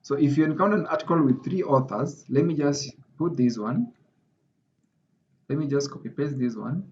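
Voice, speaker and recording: A man's voice: a little high, moderate pace, darkish tone, a little hiss or hum. Emphatic male teacher on a video call. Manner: emphatic, repeats points for stress. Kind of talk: online class lecture. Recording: slightly dull video call audio.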